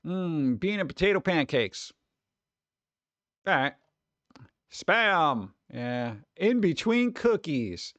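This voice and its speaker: A man's voice: fairly high pitch, big pitch swings, slow, long pauses, fairly bright tone, no echo, muffled recording. A man from New York streaming casually, reacting to chat with sarcastic, mumbled asides.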